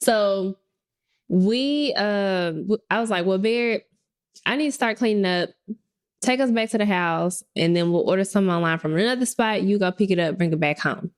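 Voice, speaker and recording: A woman's voice: medium pitch, moderate pace. A woman in her thirties co-hosting a podcast, telling a story casually and acting out the quotes. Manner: expressive, acts out quotes. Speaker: podcast co-host.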